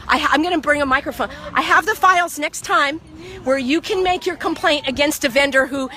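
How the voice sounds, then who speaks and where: A woman's voice: high-pitched, brisk, sharp tone. A woman filming with a handheld phone at an outdoor market, lecturing people insistently and preachily about the law. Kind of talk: impassioned street lecturing.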